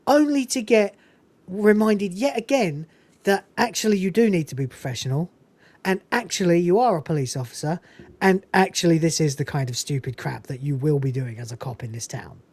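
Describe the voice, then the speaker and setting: In a lowish voice with a darkish tone, a woman podcast host discusses a film at a moderate pace. The conversation is casual and enthusiastic, peppered with swearing and laughter, and there's no room sound.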